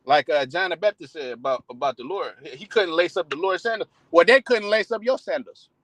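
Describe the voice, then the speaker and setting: A man's voice: on the high side, fairly quick, fairly bright tone, no echo, poor audio. A man preaching in a casual, heated style, swearing often and restarting his sentences. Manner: heated, profane, many restarts. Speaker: street preacher. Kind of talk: casual sermon with profanity.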